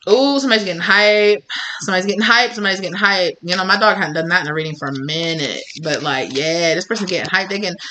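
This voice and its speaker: A woman's voice: lowish voice, sharp tone, slight background noise, rough recording. A woman giving a chatty, blunt tarot reading, swearing freely and laughing often. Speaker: tarot reader.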